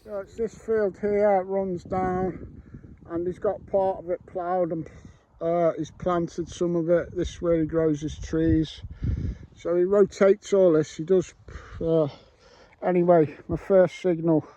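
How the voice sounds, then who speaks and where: A middle-aged man with a notably high voice, rambling and joking as he talks to his viewers. He is recorded outdoors in open fields while he goes metal detecting. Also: little pitch movement, measured pace, warm tone, lo-fi sound, a little hiss or hum. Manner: jokey, rambling, addresses viewers. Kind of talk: casual chat to camera.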